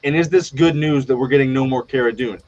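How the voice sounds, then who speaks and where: A man hosting a live online chat show, blunt and profane, riffing fast with strong opinions. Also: mid-range voice, darkish tone, dull audio. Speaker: podcast host. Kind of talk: casual live panel chat.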